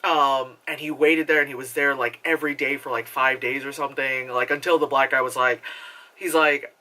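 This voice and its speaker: A woman's voice: very deep voice, steady tone, brisk, bright, forceful tone. A woman giving a casual, rambling movie review, full of filler words and swearing.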